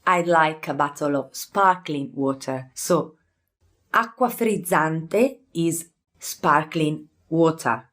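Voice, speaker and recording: A young woman with an Italian accent, a native Italian speaker, teaching vocabulary in a casual, friendly way and repeating words clearly. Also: low-pitched, slow. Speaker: language teacher.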